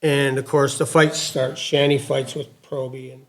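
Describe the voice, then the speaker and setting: A middle-aged man and former hockey player, co-hosting a podcast and telling a story in a casual, animated way, swearing and acting out dialogue. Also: medium pitch, moderate pace.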